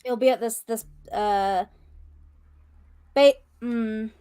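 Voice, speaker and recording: Female player, slightly high voice, playful casual chat. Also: fairly even intonation, slow pace, dark tone, clean tone. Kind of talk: casual tabletop game chat.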